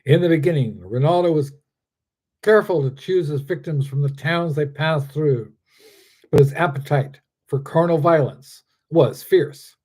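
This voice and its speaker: Author reading his story aloud; fairly high, mellow male voice. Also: measured pace.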